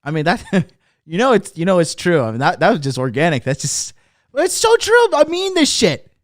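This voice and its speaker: A man's voice: sits high, wildly swooping pitch, moderate pace, no echo, studio quality. A man hosting a podcast, delivering a blunt, profane, mocking rant. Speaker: podcast host. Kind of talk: ranting monologue.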